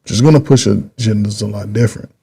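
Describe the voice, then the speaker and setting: Middle-aged male host, husky and mellow, loose rambling commentary delivery. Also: on the low side. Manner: rambling, repeats himself, drawn-out pauses. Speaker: channel host. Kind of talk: casual political commentary.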